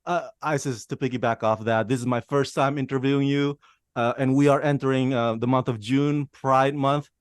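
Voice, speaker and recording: A man's voice: mid-range voice, steady tone, normal speed, clear, resonant tone, no room sound, clean studio sound. A man hosting an interview who asks questions in an enthusiastic, chatty way. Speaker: interview host.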